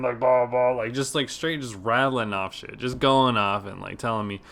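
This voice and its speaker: A man on a casual gaming podcast, telling a story in a lively way, laughing and swearing and mimicking the people he talked to. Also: mid-range voice, a little fast. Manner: animated, laughing, mimics callers, swears freely. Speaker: podcast co-host.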